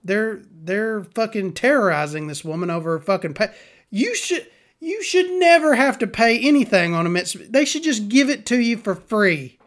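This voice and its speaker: A man's voice: sits high, expressive, normal speed, a bit bright. A man, hosting a podcast in a rambling, profane, sardonic monologue. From Southern US. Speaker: podcast host.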